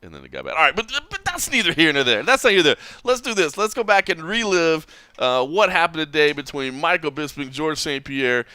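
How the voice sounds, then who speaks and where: A man's voice: on the high side, sing-song, a little fast, sharp tone, smooth, dry recording. A man hosting a podcast, chatting casually and laughing as he wanders between points. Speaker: podcast host.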